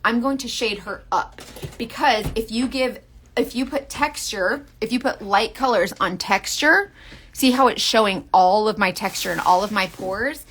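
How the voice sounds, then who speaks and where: A woman's voice: fairly high pitch, normal speed, a bit bright, husky. A woman selling makeup on a live stream, chatty and earnest, talking straight to her viewers and often restarting her sentences. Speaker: makeup seller.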